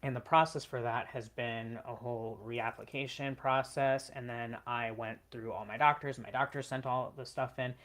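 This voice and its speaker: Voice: medium pitch, fairly even intonation, moderate pace, hardly any pauses, a bit bright. A vlogger telling a personal story in an earnest, emotional way, with frequent "like" and "um" fillers.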